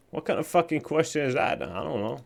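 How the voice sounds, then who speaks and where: A man streaming a game live, chatting casually with his chat, swearing often and reacting loudly to what he reads. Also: fairly high pitch, creaky.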